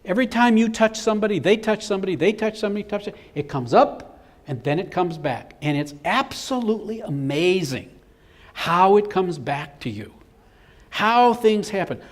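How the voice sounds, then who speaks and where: Speaking at a moderate pace in a high-pitched voice, a middle-aged man delivers a live business seminar. He's an animated storyteller who acts out each quote.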